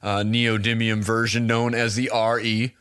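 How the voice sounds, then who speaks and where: A man's voice: lowish voice, level tone, a little slow, a bit bright, clear, resonant tone. A man hosting a casual podcast, explaining microphone specs in technical terms with frequent fillers and laughter, recorded on a close dynamic mic in a small room with poor acoustics. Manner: laughs often, technical talk with many uh fillers. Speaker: podcast host. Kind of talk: casual podcast chat explaining audio gear. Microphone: close dynamic broadcast mic.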